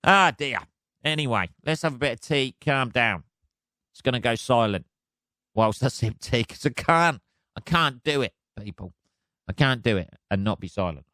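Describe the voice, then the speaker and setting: A man's voice: mid-range voice, expressive, moderate pace, sharp tone, dry recording, clean studio sound. A man hosting a solo podcast, ranting in a sweary, exasperated way and laughing at himself. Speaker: podcast host. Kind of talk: casual solo rant.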